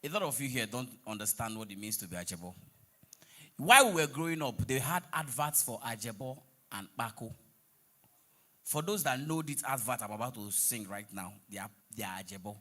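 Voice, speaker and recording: A man's voice: medium pitch, animated, a little fast, a bit bright. A man with a Nigerian accent doing stand-up crowd work on stage, teasing the audience, mixing in pidgin and breaking into bits of song. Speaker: comedian on stage.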